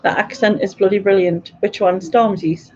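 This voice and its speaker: A woman's voice: mid-range voice, steady tone, normal speed, a little mellow, breathy edge. A British woman hosting a casual live quiz stream, chatting with viewers and laughing often. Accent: British English. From Britain. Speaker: quiz host. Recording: dull lo-fi stream audio.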